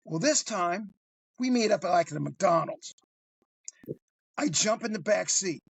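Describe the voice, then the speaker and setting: A man telling a crime story on a podcast, animated and swearing freely, acting out the other voices as he goes. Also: high-pitched, measured pace, creaky, slightly rough, no echo. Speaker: guest storyteller.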